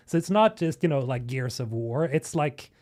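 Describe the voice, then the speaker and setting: A young man from Sweden reacting to game trailers on a live stream, excitable and swearing, talking to chat. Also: medium pitch, normal speed. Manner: excitable, swearing, chatting with viewers. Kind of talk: casual live-stream commentary.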